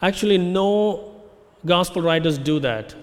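A man preaching a sermon, measured and emphatic, slowing down to stress key phrases. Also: sits high, long reverb tail. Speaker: pastor. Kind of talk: expository sermon.

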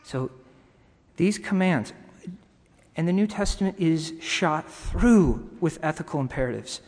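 Earnest pastor preaching in a reverberant hall. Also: male voice, fairly high pitch, lively intonation, a little mellow. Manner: earnest, pausing, halting restarts. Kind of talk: sermon. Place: church sanctuary.

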